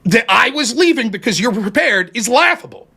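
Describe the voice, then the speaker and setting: A man's voice: very high voice, expressive, normal speed, creaky, pushed and bright, husky. A man arguing in a heated online debate from his home streaming setup, defensive and profane, stumbling and restarting as he pushes his case. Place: home streaming setup under bright lights.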